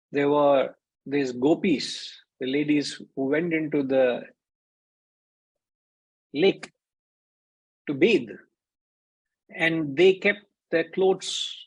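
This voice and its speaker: A man's voice: fairly high pitch, drawn-out words, pauses often, husky, rough recording. A man giving a conversational spiritual discourse as a teacher, briefly acting out the voices in his stories. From India.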